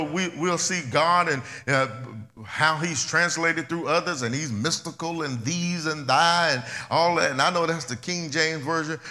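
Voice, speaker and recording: A man preaching a sermon as pastor, talking plainly and conversationally, repeating phrases and swinging between loud and soft. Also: a little high, in a large hall.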